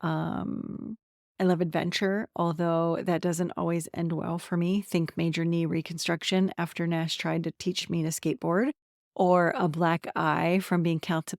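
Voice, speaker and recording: A woman's voice: on the low side, fairly even intonation, unhurried, vocal fry, a little mellow, no room sound, clean studio sound. A woman in her forties from central Pennsylvania hosting her own podcast, talking candidly about herself and laughing often. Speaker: podcast host, somatic transformation coach. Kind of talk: personal solo podcast talk.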